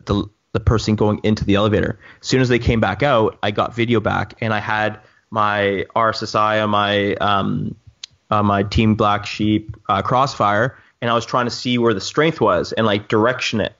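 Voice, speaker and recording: A man telling a long story in casual chat with friends, rambling and animated with many restarts. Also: on the low side, dull audio. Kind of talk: casual chat among drone pilots.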